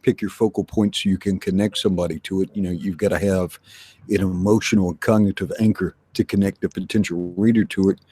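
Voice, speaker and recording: A man chatting casually on a podcast panel who also reads book pitches in a slow, low, dramatic trailer style. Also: steady tone, warm tone, breathy edge.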